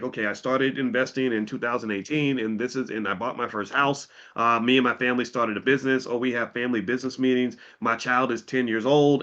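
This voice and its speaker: A man's voice: mid-range voice, a bit bright, highs cut off. A middle-aged man giving a finance talk on a livestream, preachy and repetitive, turning heated and profane at times. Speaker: finance educator.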